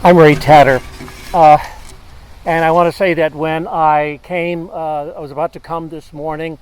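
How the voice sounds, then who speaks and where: Man remembering an old friend at a memorial, slightly high voice, halting. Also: flat delivery, smooth, poor audio. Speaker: memorial speaker. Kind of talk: personal eulogy.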